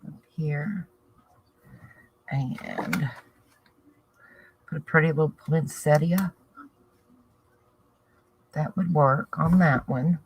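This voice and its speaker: This woman draws out her words in a low, slightly rough voice and pauses often, on a rough recording. She speaks with a Southern US accent, chatting to viewers and thinking aloud as she works on a craft project.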